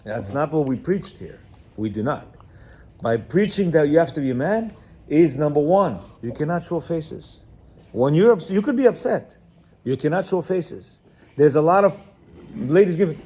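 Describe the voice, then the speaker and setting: A man's voice: on the high side, normal speed, breathy edge. A man giving an informal, emphatic lecture on marriage to a class of men, repeating himself and often checking that they understand. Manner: repetitive, keeps asking "you understand?"; emphatic, lively, acts out quotes.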